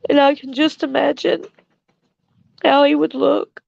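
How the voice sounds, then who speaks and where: An older woman from Louisiana hosting a casual livestream chat, speaking slowly and tenderly with soft chuckles, tearful at times. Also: high-pitched, fairly even intonation, gravelly, no room sound, lo-fi sound. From Louisiana, USA. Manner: slow, tender, chuckling between lines. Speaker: livestream host.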